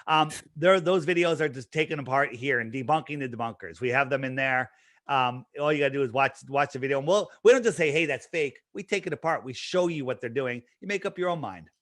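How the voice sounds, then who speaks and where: A man's voice: medium pitch, a little fast, fairly bright tone, no echo, clean studio sound. A man speaking as an interview guest, talking casually and emphatically, with lots of restarts and fillers. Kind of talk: casual promotional talk.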